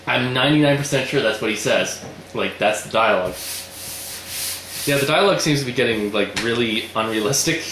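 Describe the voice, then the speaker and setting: A man's voice: mid-range voice, brisk. A young man casually retelling a story in a loose, rambling way, swearing often and acting out the lines. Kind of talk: casual recap chat. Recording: roomy echoey room with faint noise.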